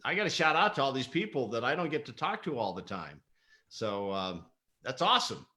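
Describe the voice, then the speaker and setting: A bright, forward-voiced middle-aged man chatting on a live interview. He tells stories with lots of energy, acts out other people's lines and laughs easily. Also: medium pitch, a little fast. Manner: animated storyteller, laughs often, acts out quotes. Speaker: guest, mental performance coach. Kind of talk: casual livestream interview.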